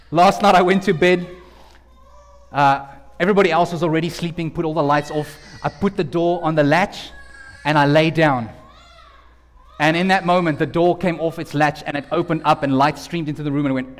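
A man preaching a lively, joking sermon, talking straight to his congregation in a church hall. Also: sits high. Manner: lively, jokey, talks directly to the audience. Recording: long hall reverb.

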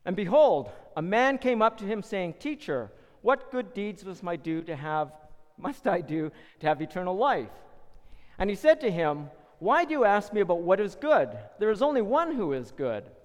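A man's voice: high-pitched, very animated, moderate pace, long reverb tail. A man preaching a sermon, retelling a parable with dramatic, acted-out voices. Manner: dramatic storytelling, acting out voices.

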